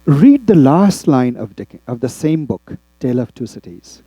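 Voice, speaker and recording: A man from India teaching a class, often checking in with the students with quick tag questions. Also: mid-range voice, very animated, warm tone, slightly rough, no room sound, low-quality recording. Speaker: instructor. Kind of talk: classroom lecture.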